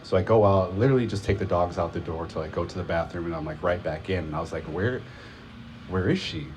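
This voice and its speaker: A man's voice: low-pitched, fairly even intonation, racing, noisy background. A man casually telling a rambling personal story at a live event, full of filler words and profanity.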